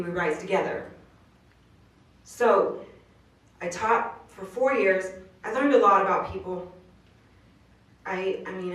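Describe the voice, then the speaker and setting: Woman, motivational speaker, earnest casual storytelling, mid pitch, distant mic, live room echo. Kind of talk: inspirational speech. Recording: roomy distant live recording.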